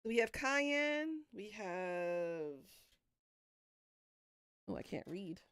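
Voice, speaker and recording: Speaking extremely slowly in a sing-song, medium-pitched voice that is clear, resonant and a bit bright, a woman livestreams a spicy food challenge. She swears frequently and groans and coughs through the heat while talking to chat. The studio-quality audio has no echo.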